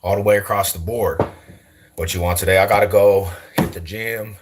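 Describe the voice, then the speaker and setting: A young Denver vlogger with an East Side Denver accent talks casually to camera on the street, slangy, loose, and animated, laughing often. His voice is on the low side at a moderate pace, against a noisy background.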